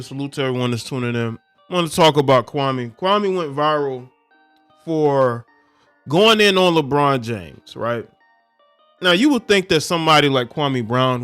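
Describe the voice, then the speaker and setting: A man's voice: medium pitch, a bit bright, clean tone, dry recording. Man hosting casual commentary, dry sound. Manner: conversational, musing, with fillers. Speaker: commentary channel host.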